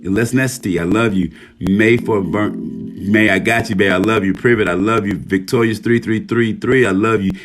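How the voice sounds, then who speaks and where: A hoarse man hosting a casual livestream, reading out viewer names and speaking earnestly, with frequent swearing. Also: lowish voice, steady tone, normal speed, few pauses, music in the background. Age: adult, a military veteran. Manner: warm shout-outs reading viewer names. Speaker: livestream host.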